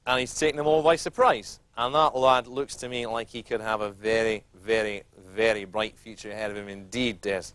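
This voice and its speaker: A man's voice: fairly low pitch, steady tone, brisk, few pauses, a bit bright, clear, resonant tone, no room sound, close to an everyday voice. A man voicing a dry, critical male football pundit.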